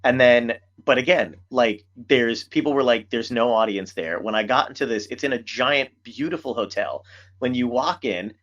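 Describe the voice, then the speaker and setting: Male podcast host, casual storyteller, salty language, average pitch, slightly dull recording. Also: moderate pace. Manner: animated storyteller, swears a lot. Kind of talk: casual chat.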